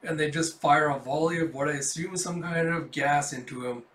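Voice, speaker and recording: A man's voice: fairly high pitch, fairly even intonation, brisk, a bit bright. A man casually reading a comic book aloud, with swearing and laughing asides. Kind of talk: casual comic readthrough narration. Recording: roomy echo.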